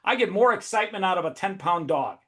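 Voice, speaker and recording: High-pitched, fired-up swearing male host. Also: expressive, quick pace, bright, forceful tone. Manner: profane, high-energy, emphatic. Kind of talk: casual webinar talk.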